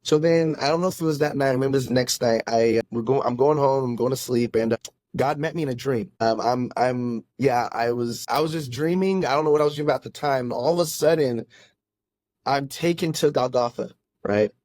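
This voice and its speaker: A pastor telling his own faith story in a podcast conversation, earnest and halting, often restarting his sentences. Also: medium pitch, a little mellow, dry recording. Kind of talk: casual testimony in a conversation.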